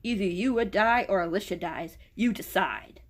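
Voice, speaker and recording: Woman reading as a calm gunman, cool, controlled, emotionless. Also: high-pitched, normal speed. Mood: cold.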